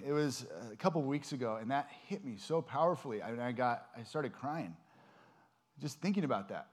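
A man preaching in a relaxed, conversational way, earnest and searching for words as he goes. His voice sits at an ordinary middle pitch, and his talk is loose and unpolished, full of small pauses and restarts. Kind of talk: informal sermon.

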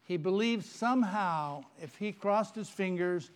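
A man preaching a sermon, telling stories in an animated, playful way. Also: high voice, unhurried. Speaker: pastor.

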